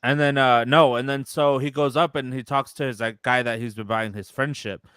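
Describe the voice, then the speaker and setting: A man's voice: medium pitch, fairly even intonation, normal speed, a bit bright, clear, resonant tone, no room sound. Laid-back young man telling a story. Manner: retells a story with quoted voices, loose and profane. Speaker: podcast co-host. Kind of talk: casual storytelling.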